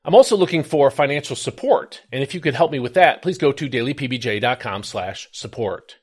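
A man's voice: mid-range voice, animated, a little fast, husky. A man hosting a daily Bible devotional, reading a scripted reflection with earnest emphasis on key words. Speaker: devotional host.

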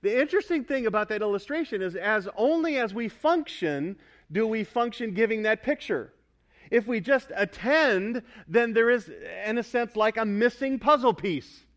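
Male pastor, high-pitched, emphatic sermon delivery, calls out to the congregation. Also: lively intonation, moderate pace. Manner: emphatic, builds to loud pointed repetition; asks the congregation for responses. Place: church sanctuary.

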